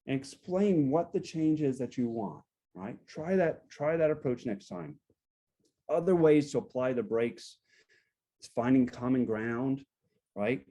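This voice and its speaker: A guest speaker on relationships leads a support-group workshop, explaining things step by step and often checking in with "right?" He acts out sample phrases to contrast a calm tone with an angry one, speaking at normal speed in a voice on the high side.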